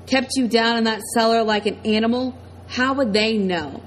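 A menacing ex-convict preacher, commanding and mocking, drawling his orders, as a woman reads him in a storybook voice. The voice sits fairly high, with a faint hiss behind it. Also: moderate pace, natural voice, low-quality recording.

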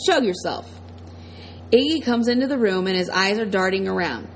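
A woman reading a first-person audiobook in a steady, plain storytelling manner. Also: medium pitch, fast talker, a little hiss or hum, low-quality recording. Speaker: audiobook narrator.

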